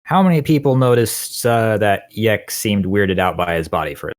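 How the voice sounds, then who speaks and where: A man's voice: lowish voice, moderate pace. A man playing a tabletop game, asking brief questions. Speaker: player. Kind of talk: casual tabletop play.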